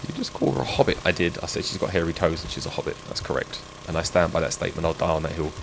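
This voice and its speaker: A man's voice: low-pitched, animated, very fast, vocal fry. A man chatting and joking with viewers while he streams a game. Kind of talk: live gameplay stream chat. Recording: game sound noise behind.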